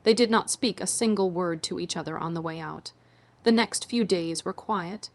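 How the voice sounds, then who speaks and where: A woman narrating a first-person family drama story in a measured, dramatic way. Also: fairly low pitch, gravelly.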